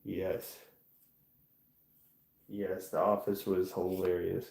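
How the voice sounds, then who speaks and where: A man hosting a casual livestream, answering chat in a rambling, soft-spoken way that trails off. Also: deep voice, flat delivery, slow, gravelly, reverberant. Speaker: livestream host. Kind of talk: casual live-stream chat, reading chat questions.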